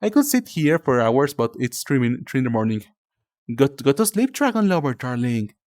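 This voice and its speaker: A man's voice: medium pitch, sing-song, normal speed, darkish tone, no room sound, studio quality. Rambling Mexican-accented male streamer. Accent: Mexican Spanish. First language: Spanish. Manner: rambling, many fillers, calls viewers darling. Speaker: livestreamer. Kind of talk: casual chat with viewers.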